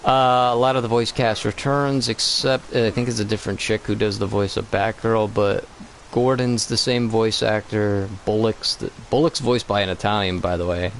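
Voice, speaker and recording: A man's voice: fairly low pitch, steady tone, moderate pace, slight background noise, poor audio. A man co-hosting a gaming channel, talking in a loose, rambling, profane way about a cartoon movie. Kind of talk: casual gaming commentary.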